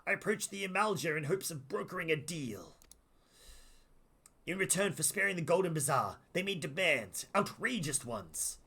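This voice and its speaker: A man's voice: a little high, lively intonation, normal speed, gravelly, pushed and bright, breathy edge, exaggerated voice. An Australian man reading aloud game dialogue for a nervous male desert merchant who pleads and frets. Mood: pleading.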